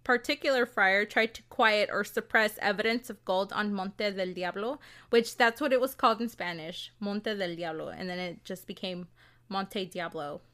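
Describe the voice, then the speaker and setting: A woman's voice: mid-range voice, normal speed, fairly bright tone. A woman with a Californian accent, co-hosting a casual podcast and telling a local legend, laughing often and swearing now and then. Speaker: podcast co-host. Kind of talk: casual storytelling chat.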